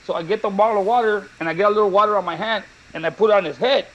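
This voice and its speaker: A man co-hosting a talk show, telling funny stories in a lively, laughing way. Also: sits high, rapid-fire, muffled recording. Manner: animated, laughing storyteller. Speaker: show co-host. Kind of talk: casual storytelling chat.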